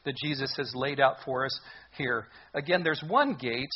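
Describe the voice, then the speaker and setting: A man's voice: medium pitch, normal speed, lo-fi sound, a little hiss or hum. A man preaching a sermon as a pastor, earnest and emphatic, repeating his points for weight.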